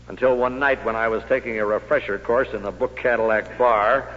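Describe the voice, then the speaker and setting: A man's voice: fairly high pitch, pushed and bright. Male speaker, motivational sales talk, punchy rhetorical style; long hall reverb, muffled vintage recording. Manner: punchy storytelling with rhetorical questions. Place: meeting hall with audience. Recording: echoey hall on dull old recording.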